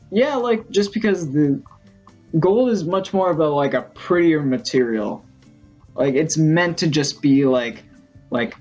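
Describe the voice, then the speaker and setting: A man in the middle pitch range tells a story casually for his vlog, rambling and excitable, with fillers all through. The recording sounds a little dull and lo-fi, and faint music plays underneath. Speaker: gaming vlogger.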